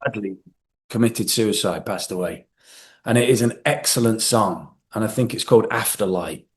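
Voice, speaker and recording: A man, a guest actor in a casual interview, telling animated stories and acting out quotes from others. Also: lowish voice, normal speed. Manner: animated storyteller, acts out quotes with swearing.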